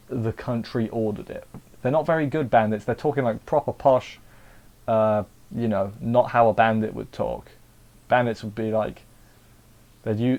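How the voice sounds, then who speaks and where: An Englishman talks through an anime episode in a loose, chatty way. His voice sits at an ordinary middle pitch. He rambles, doubles back and restarts his sentences as he goes. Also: a little mellow. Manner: rambling, chatty, self-interrupting. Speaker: anime reviewer. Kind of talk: casual episode review.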